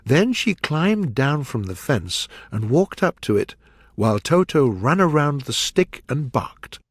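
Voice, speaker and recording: A man reading a children's story aloud in a clear, measured way. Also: medium pitch, sing-song, no echo. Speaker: audiobook narrator. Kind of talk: storybook narration for learners.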